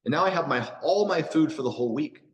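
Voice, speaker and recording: A man's voice: on the high side, expressive, quick pace, poor audio. An American man, a podcast guest, telling stories casually with many "you know" asides and restarts. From United States. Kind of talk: casual storytelling in a podcast interview.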